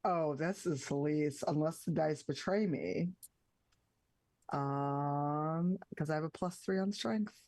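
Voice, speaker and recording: A woman's voice: deep voice, slow pace, a little mellow, dry recording. A woman player in a tabletop game, talking in a wry, jokey way. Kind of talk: tabletop role-play.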